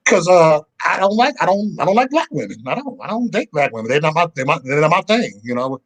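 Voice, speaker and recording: A man's voice: fairly high pitch, very animated, fast, fairly bright tone. A man speaking as a guest on an online panel, emphatic and stammering, calling himself an aggressive person. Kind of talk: casual panel chat.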